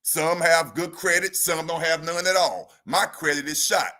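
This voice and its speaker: Male livestream educator: bright, punchy tone, slangy and animated, hammers key points home. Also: fairly high pitch, moderate pace. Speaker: financial educator hosting a livestream. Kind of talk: casual livestream teaching.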